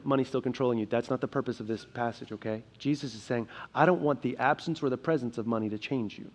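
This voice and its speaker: A young adult man preaching a sermon as pastor, earnest, shifting between quiet emphasis and loud, urgent passages. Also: mid-range voice, expressive, fast talker, few pauses. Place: church sanctuary.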